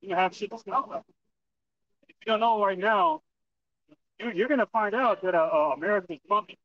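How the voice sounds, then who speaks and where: A man preaching in the street, halting with many restarts and profanity. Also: high-pitched, no room sound. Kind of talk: street preaching, reading scripture. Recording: distant lo-fi outdoor recording.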